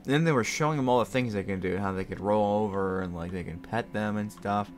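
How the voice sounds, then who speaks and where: A man's voice: on the low side, quick pace, slight background noise. A young man hosting a gaming video, telling a rambling story with lots of fillers and frequent laughter. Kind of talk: casual storytelling while playing a game.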